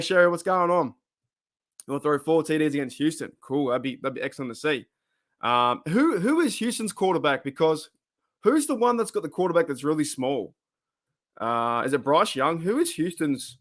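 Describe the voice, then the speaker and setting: A man's voice: fairly high pitch, a bit bright. A middle-aged Australian man hosting a casual live stream, chatting, rambling and laughing often as he reads viewer comments.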